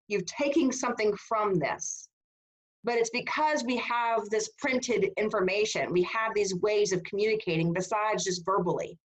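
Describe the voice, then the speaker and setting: A woman giving a casual, animated history seminar over a video call, checking in with her students. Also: mid-range voice, rough recording. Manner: animated, conversational, asks rhetorical "right?". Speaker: history instructor.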